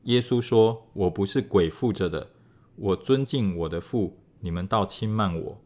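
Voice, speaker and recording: Scripture is read aloud by a man whose pitch is on the low side, his delivery calm and even.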